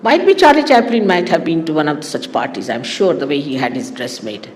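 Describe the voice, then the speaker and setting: A woman giving a spiritual talk to her followers in an animated, teasing way, often laughing. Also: sits low, brisk, long reverb tail, slight background noise. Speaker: spiritual teacher.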